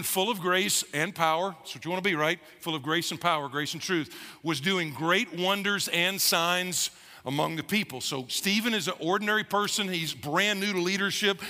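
Male pastor, lively conversational sermon, bright forceful voice, echoing church hall. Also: a little high. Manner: animated, conversational preaching with playful asides. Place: church auditorium.

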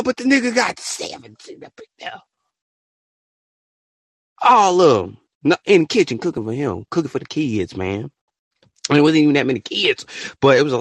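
A man hosting a podcast, ranting his opinion in an animated, profane way and bursting into shouts. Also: fairly high pitch, brisk, husky, no room sound, clean studio sound. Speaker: podcast host.

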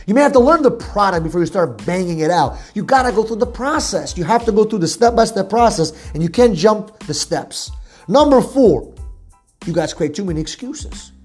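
Mellow-voiced man giving a blunt sales pep talk. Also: high voice, lively intonation, normal speed, breathy edge, soft background music. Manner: punchy, repetitive lists, blunt and profane. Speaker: sales coach.

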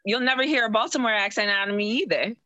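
A woman from Boston, a podcast guest, chatting in a laid-back, firm and jokey manner. Her voice is bright and a little high. It sounds close and dry. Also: fast, no echo, muffled recording. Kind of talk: casual podcast chat.

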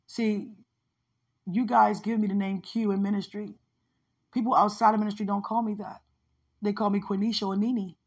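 A woman's voice: medium pitch, darkish tone, husky. A woman minister sharing a personal spiritual testimony in a heartfelt, conversational way, often repeating phrases for emphasis.

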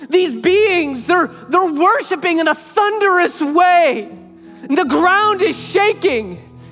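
Preacher, high voice, emphatic sermon delivery, long hall reverb, faint music underneath. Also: animated, slow, a bit bright. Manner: emphatic, repeats phrases for weight.

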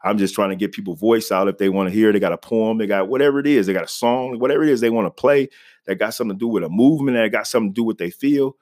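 A man's voice: lowish voice, racing, a little mellow. A man hosting his own podcast, talking loosely and conversationally, often saying "man" and "you know". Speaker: podcast host. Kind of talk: casual solo podcast talk. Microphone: home podcast mic.

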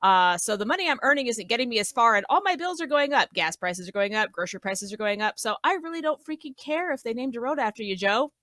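Sarcastic, bright-voiced woman panelist. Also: a little high, expressive, fast, few pauses, dry recording. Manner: sarcastic, blunt. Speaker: podcast panelist. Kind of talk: casual chat.

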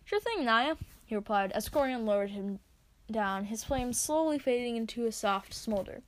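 A woman reading her own story aloud, expressive as she narrates. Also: on the high side, normal speed. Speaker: reader.

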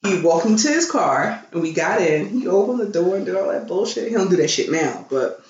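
A woman's voice: on the low side, a little fast, highs cut off. Blunt, profane woman telling a story. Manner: blunt, profane, animated, acts out everyone she quotes. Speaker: storyteller on a chat show. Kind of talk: casual storytelling chat. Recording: roomy with faint noise.

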